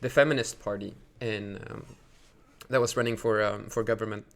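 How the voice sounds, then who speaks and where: His gravelly voice sits fairly low, with fairly even intonation at a normal speed. A Swede on a live stream, he launches into a rambling, indignant rant full of fillers, raising his volume in outraged bursts.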